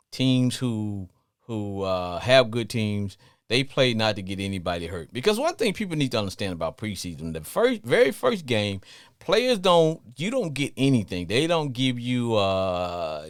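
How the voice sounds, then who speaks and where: A middle-aged man from Louisiana with a Southern accent, hosting a call-in sports talk show in an animated, sing-song way. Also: on the low side, dry recording, clean studio sound. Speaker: radio talk show host.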